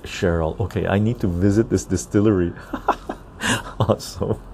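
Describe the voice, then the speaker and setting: Male podcast host, low and gravelly, dark tone, relaxed chatty delivery, outdoors on a patio. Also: normal speed, a little hiss or hum. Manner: easygoing, chatty, tags sentences with "right?". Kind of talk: casual chat while reading live chat.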